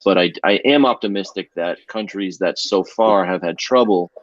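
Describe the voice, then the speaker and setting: A man with a very low voice joins a podcast discussion, speaking in a measured way and often pausing on fillers. The audio sounds dry and muffled. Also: dry recording.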